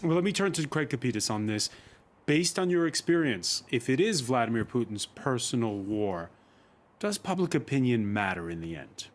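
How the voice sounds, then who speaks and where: Male tv news anchor, brisk, keeps the panel moving, middle pitch. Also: very animated. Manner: brisk, directing the discussion.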